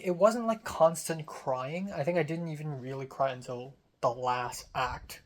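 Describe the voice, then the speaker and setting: A young man telling about his day in a casual diary vlog, rambling with many fillers and restarts. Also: fairly high pitch. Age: young adult. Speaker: vlogger.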